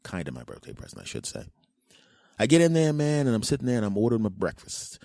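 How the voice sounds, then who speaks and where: Deep-voiced joking podcast host man. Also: wildly swooping pitch, fast, vocal fry, warm tone, dry recording, clean studio sound. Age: 40s. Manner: playful, rambling, jokey asides. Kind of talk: casual comedic monologue.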